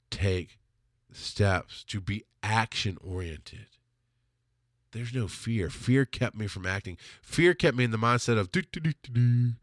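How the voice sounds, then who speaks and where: A man of ordinary pitch telling a personal story, open and emotional, with frequent swearing. His delivery jumps between sudden loud bursts and hushed, low passages. The recording is dry, with no room sound. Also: no echo. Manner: emotional, profane, swings from loud outbursts to quiet lows. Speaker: podcast host telling personal stories. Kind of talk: confessional storytelling.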